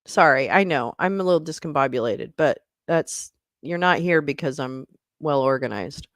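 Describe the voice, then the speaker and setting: A woman's voice: low-pitched, lively intonation, moderate pace, dry recording, clean studio sound. A woman hosting a casual livestream, chatting in a scattered way and swearing and laughing as she fumbles with her setup. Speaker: livestream host.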